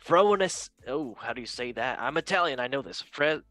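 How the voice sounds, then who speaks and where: A man putting on a goofy, boastful impression of a male film star, with loud joking and self-mocking rambling. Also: medium pitch, expressive, brisk, dry recording, faint music behind. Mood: hammy. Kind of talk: comedic impression.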